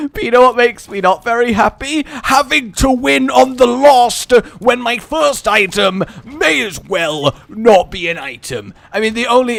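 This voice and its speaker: A man commentating his own game run in a high, very lively voice that swings from panic to dry sarcasm. He talks slowly and theatrically, drawing out his reactions. His voice is close and dry, with faint music underneath. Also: no echo. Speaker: gaming YouTuber. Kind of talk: excitable let's-play commentary.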